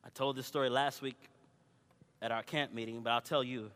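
A male preacher delivering a sermon, moving between loud exhortation and quiet personal storytelling. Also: medium pitch, fairly even intonation, fairly quick, clear, resonant tone. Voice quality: swings from shouting to quiet storytelling. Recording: long hall reverb.

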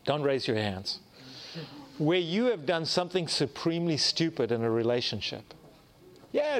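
A man preaching a sermon, telling a personal story with lively acted-out dialogue and self-mocking humor. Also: high voice. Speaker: pastor.

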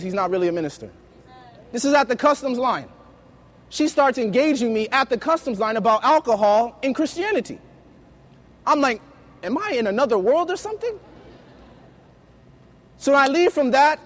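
A man preaching a sermon, telling lively personal stories and acting out the dialogue. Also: very high voice, fairly quick. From United States. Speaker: youth preacher.

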